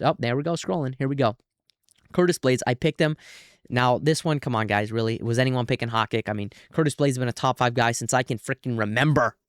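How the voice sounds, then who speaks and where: A man hosting a casual post-fight breakdown, excitable and prone to bursts of shouting and groaning. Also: mid-range voice, no room sound, clean studio sound. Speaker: MMA commentator and video host.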